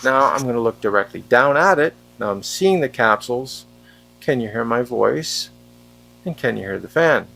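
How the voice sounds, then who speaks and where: A man tests a wireless handheld microphone for a vlog, speaking plainly and asking viewers if they can pick up his voice and the fan running in the room. His medium-pitched voice is gravelly and sharp, with lively intonation at a moderate pace. A faint fan hum sits under the rough audio.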